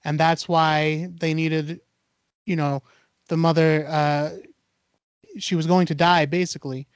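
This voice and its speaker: Smooth and unhurried, a slightly high male voice recounts an urban legend for his podcast, leaning on fillers and performing the dialogue with animation. The audio is dry and lo-fi.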